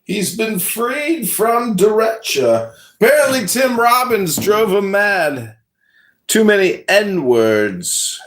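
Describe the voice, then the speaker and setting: A man's voice: sits high, big pitch swings, slow, fairly bright tone, a little hiss or hum. A man teasing someone in an online audio chat room with dramatic, sing-song commentary.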